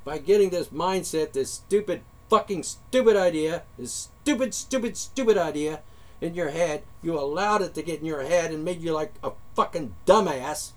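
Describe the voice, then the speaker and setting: A slightly high-voiced man rants at his audience in a heated, confrontational monologue. He swears often and presses his points with rising force. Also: lively intonation, normal speed. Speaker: vlogger. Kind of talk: angry monologue rant.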